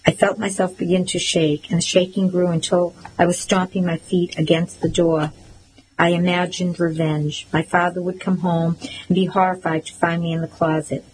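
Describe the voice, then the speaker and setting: A woman narrating a first-person novel, measured and expressive. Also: on the low side, slight background noise, poor audio. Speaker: audiobook narrator.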